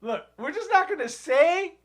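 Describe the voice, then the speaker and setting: A smug conservative country hipster who lives in the city, put on by a man. He rambles with mock pride, and his pitch jumps around a lot. It is an everyday comedic sketch voice in a podcast chat. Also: animated, moderate pace, a bit bright. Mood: mock-proud.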